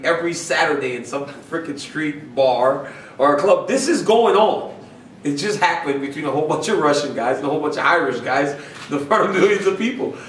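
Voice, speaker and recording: A man, a fighter fielding press questions, tells his story with lively energy, acting out the voices of the people in it and laughing along the way. His voice is picked up from a little distance in a roomy space, with faint ambient noise behind him. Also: a little high. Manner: animated, laughing, acts out quotes. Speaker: fighter being interviewed. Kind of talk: casual storytelling in a media scrum.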